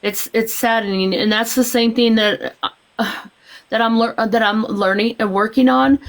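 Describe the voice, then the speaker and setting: A woman in casual live stream chat, speaking in a lively, expressive way. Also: a little high, normal speed.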